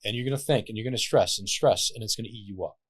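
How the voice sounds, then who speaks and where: A man with a very deep voice talks as a podcast guest, telling stories with an animated, loose manner and casual swearing. His voice is recorded dry and close, with no room sound. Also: racing, slightly rough, no room sound. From Lebanon.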